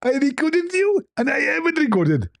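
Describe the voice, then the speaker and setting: A man putting on a shrill gloating debate rival. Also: big pitch swings, moderate pace, vocal fry, no echo, heavily acted. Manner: taunting, triumphant. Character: smug gloating male debate opponent.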